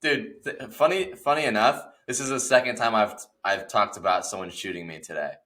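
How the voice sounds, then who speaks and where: A young man co-hosting a podcast, joking in casual chat with sudden animated swings. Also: fairly low pitch, fairly quick. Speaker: podcast co-host.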